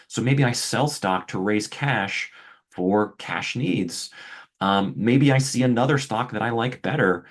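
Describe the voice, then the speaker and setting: A middle-aged man explaining a trading indicator in a conversational webinar style, often asking rhetorical questions. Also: fairly low pitch. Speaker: trading educator.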